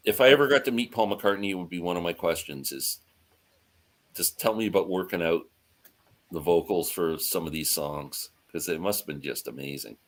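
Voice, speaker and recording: A man's voice: sits low, moderate pace. A man hosting a casual live-stream chat, talking with enthusiasm, laughing often and reading out viewer comments.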